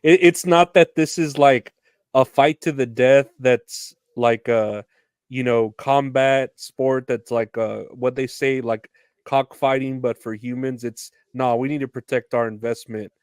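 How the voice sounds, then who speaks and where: A man's voice: medium pitch, steady tone, slow, clear, resonant tone, no room sound, clean studio sound. A man co-hosting a podcast, talking loosely about a movie and laughing often. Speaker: podcast co-host. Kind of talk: casual movie chat.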